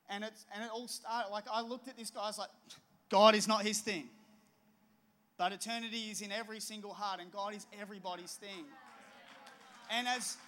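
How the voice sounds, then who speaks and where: Middle-aged male pastor, lively storyteller, high and bright. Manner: storytelling, animated and conversational. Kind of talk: sermon with personal story.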